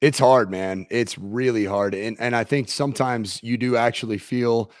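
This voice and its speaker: A man's voice: medium pitch, steady tone, normal speed, no room sound, clean studio sound. A man who is a former football coach, co-hosting a casual sports chat, reflective and self-deprecating, laughing easily.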